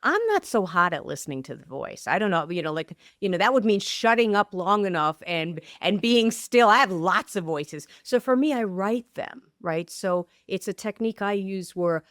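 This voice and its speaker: A woman's voice: mid-range voice, lively intonation, moderate pace, hardly any pauses, fairly bright tone, dry recording, studio quality. A woman author and coach, a podcast guest, talking emphatically and restarting sentences eagerly. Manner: emphatic, affirms often with repeated yeses. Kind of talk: interview conversation.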